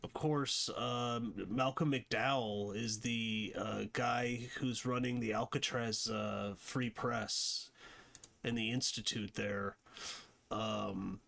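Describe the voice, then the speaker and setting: A man's voice: mid-range voice, fairly even intonation, slow pace, vocal fry, fairly bright tone. A man hosting a casual movie review, rambling with many fillers and restarts. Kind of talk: casual unscripted commentary.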